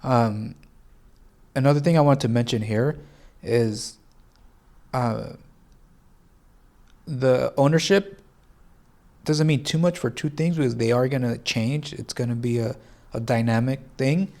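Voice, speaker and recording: A man walks through a casual tutorial, thinking aloud and often stopping to correct himself. His voice sounds congested, with a gravelly, creaky texture at a middle pitch. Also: a little slow, long pauses, darkish tone. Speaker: fantasy sports tutorial host. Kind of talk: casual screen-share tutorial.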